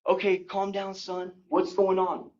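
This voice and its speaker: A man voicing a calm emergency dispatcher who talks a panicked caller down. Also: high voice, unhurried, muffled recording, crowd noise. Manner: calm, steadying.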